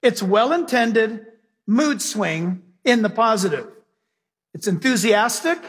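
High husky-voiced preacher guy, lively sermon, echoey church hall. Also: takes it slowly. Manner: animated preaching, acting out scenes, folksy asides. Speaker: pastor. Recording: hall reverb.

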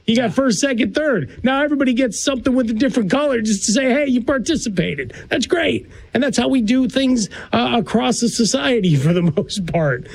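A man's voice: extremely high pitch, lively intonation, fairly quick, gravelly, few pauses, low-quality recording. A man co-hosting sports talk radio, wry and reflective as he rambles through his point.

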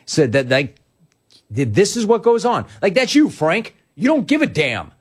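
A male sports talk host delivers a monologue in a husky voice at a moderate pace, his pitch swooping wildly up and down as he gets worked up. He speaks emphatically, telling stories conversationally and pushing back on listeners' comments.

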